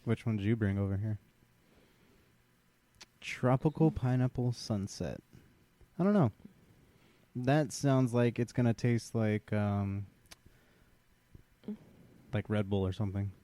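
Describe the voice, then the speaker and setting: Laid-back low-voiced man, casual swearing. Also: slow pace, long pauses, mellow. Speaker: podcast host. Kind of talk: casual chat.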